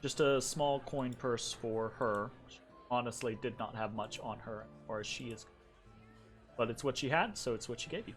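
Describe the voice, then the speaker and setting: A man narrating a tabletop game as the game master in a relaxed, casual way, full of fillers and checks like "right?". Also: medium pitch, normal speed, faint music behind.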